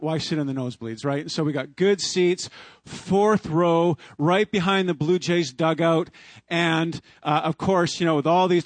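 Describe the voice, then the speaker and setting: Higher-voiced man in his fifties telling a story. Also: dry recording. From Canada. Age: 50s. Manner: animated, chuckling storyteller. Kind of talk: sermon storytelling.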